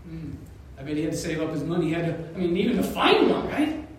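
High-voiced pastor, echoey and distant. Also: male voice, a little hiss or hum. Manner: storytelling, animated, with chuckles and pauses. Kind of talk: sermon. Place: church sanctuary.

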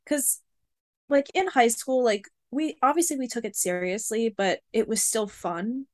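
A woman in her twenties, co-hosting a podcast, chatting casually and telling animated stories with lots of fillers. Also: a little high, a little slow, no echo, clean studio sound. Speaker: podcast co-host. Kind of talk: casual chat.

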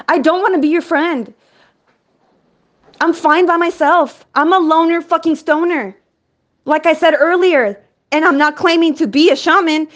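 A woman host delivering an energetic, profane, rambling monologue. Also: high-pitched, lo-fi sound. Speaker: podcast host.

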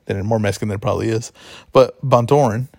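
A man's voice: lowish voice, fairly even intonation, quick pace, creaky, a little mellow, no echo. A man hosting a casual sports betting talk show, rambling and correcting himself as he goes. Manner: chatty, rambling, self-correcting. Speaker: podcast host.

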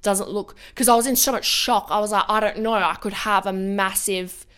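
A woman's voice: medium pitch, fairly even intonation, moderate pace, fairly bright tone, clear, resonant tone. Young woman, podcast co-host, rambling, casual storytelling. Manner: rambling, heavy on "like" and swearing.

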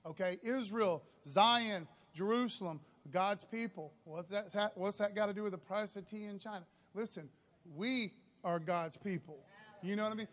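A man preaching a sermon as pastor in a church, casual and energetic, peppering his talk with "okay" and "man.". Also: sits high.

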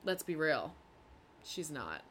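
A young woman with a somewhat low voice chats loudly and bluntly on a podcast. She swears freely and loves gossip. A light hiss sits under the recording. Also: very animated, slow. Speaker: podcast co-host. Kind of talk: casual chat.

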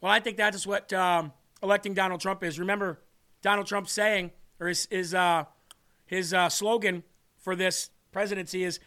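In a high voice that is bright and sharp, a man hosting his own livestream delivers fiery political commentary at a normal speed and a steady tone. His delivery is combative and ranting as he pushes each point.

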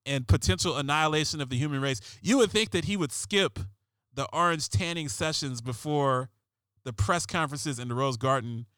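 A man hosting a talk radio show, ranting sarcastically in a rambling way, repeating himself and getting louder and higher on his punchlines. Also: clear, resonant tone, dry recording, clean studio sound. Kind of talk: comedic political rant.

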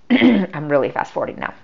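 A middle-aged woman talks as a podcast guest, telling her own story in a chatty way that leans on "like" and acted-out dialogue. Her voice sits fairly low with a gravelly fry, and the recording sounds dull and lo-fi. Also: very animated, normal speed. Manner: chatty, full of "like" and quoted dialogue. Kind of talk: personal storytelling.

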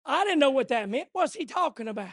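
A man preaching a fervent sermon, swinging from hushed lines to shouting. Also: extremely high pitch, very animated, fast talker, dry recording, clean studio sound.

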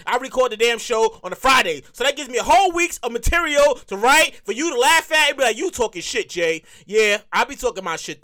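A man hosting a podcast as a comedic monologue, animated and prone to repeating words and laughing at his own stories. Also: very high-pitched. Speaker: podcast host.

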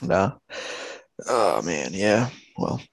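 A man's voice: fairly low pitch, sing-song, very slow, gravelly, dry recording. A young man co-hosting a podcast, easygoing and joking in casual chat. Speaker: podcast co-host.

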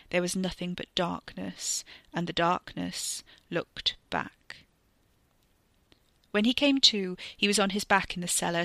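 A woman reading a serialized story aloud with expressive, tense narration. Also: fairly low pitch, gravelly, no room sound. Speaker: reader.

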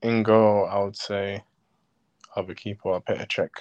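A man from London with a London accent, a podcast guest talking reflectively and quietly, with many fillers. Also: lowish voice, level tone, unhurried, no room sound, dull audio. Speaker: guest footballer. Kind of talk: casual podcast interview.

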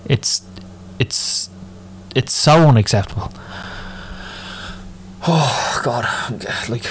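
A man's voice: medium pitch, expressive, slow, a little hiss or hum. Sweary Dublin man ranting. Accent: Irish, Dublin. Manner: moaning, sweary, rambling. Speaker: podcast host. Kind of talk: solo ranting podcast.

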